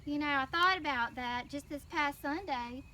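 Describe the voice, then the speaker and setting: A woman with a Southern US accent telling a children's story in church, animated and prompting the kids to answer. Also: sits high, normal speed. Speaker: children's mission teacher. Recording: distant mic with faint noise.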